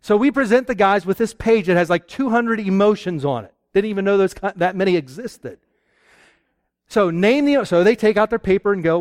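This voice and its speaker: A man preaching a sermon to a live audience, lively and acting out little exchanges between husband and wife. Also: high voice, brisk, no echo, clean studio sound.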